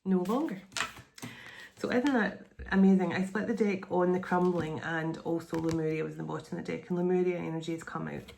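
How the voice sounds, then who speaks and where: A woman's voice: fairly low pitch, fairly even intonation, fairly quick, vocal fry, darkish tone, a little hiss or hum. A middle-aged woman giving a channeled spiritual card reading, meandering and repeating phrases in an earnest, reassuring way. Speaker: tarot and oracle card reader.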